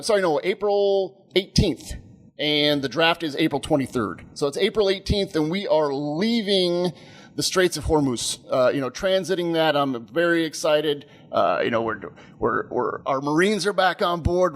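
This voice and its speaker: A man in his thirties, a podcast co-host, telling a rambling, animated story with frequent laughs. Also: a little high. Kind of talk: casual storytelling chat.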